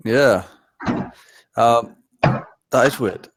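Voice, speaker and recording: A man's voice: mid-range voice, drawn-out words, no echo. Hesitant man, dry close sound. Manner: hesitant, many fillers and restarts. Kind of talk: casual chat.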